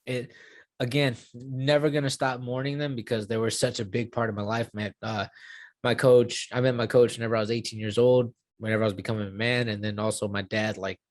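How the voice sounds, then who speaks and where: A man's voice: medium pitch, steady tone, fairly quick, no echo. A young man in his twenties talking casually in an interview, rambling with many fillers and restarts and swearing now and then. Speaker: UFC fighter.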